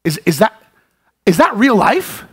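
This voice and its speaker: Passionate male preacher, high and very animated, prone to shouting. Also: unhurried, breathy edge. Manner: passionate, rising to shouts, repeats words when excited. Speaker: pastor. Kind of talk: sermon. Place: church sanctuary.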